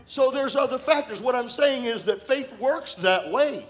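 A man pastor preaching a sermon in a church, telling personal stories in a conversational way that bursts into shouting and laughter. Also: very high voice, expressive, moderate pace. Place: church sanctuary.

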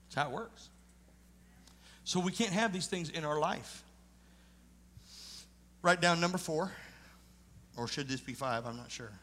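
Earnest preacher with a raised voice, echoing. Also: male voice, fairly high pitch, unhurried, pauses often. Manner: earnest storytelling preacher, emphatic and then hushed. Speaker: pastor. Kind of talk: sermon with personal testimony.

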